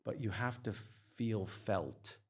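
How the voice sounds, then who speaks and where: A man's voice: on the low side, slow, a little mellow, breathy edge. A middle-aged man, a psychiatrist, speaking candidly in an interview in an earnest, emphatic way, with lots of "like" and "you know". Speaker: psychiatrist and trauma expert guest.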